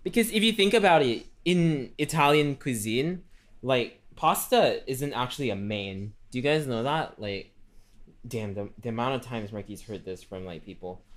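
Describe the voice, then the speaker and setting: Brief: mid-pitched male streamer, rambling chatter while cooking, speaks of himself in third person. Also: expressive, normal speed. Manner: chatty, rambling with many fillers. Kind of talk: casual cooking livestream chat.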